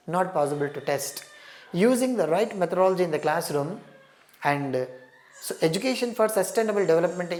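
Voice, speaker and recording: In a recorded exam-prep lecture with roomy echo, a woman explains the material and repeats key terms as she goes. Her voice is low with a darkish tone.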